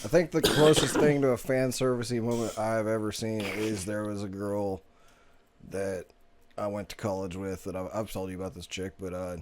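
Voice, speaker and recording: A man's voice: fairly low pitch, level tone, normal speed, noisy background. A man co-hosting a reaction show, chatting casually and bluntly, swearing freely. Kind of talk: casual chat.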